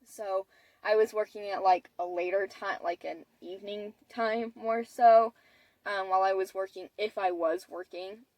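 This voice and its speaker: A woman's voice: mid-range voice, fairly even intonation, a little slow, a little mellow, no room sound, low-quality recording. A woman of about twenty telling a personal story in a chatty way, with many fillers and restarts. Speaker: vlogger. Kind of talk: casual storytelling.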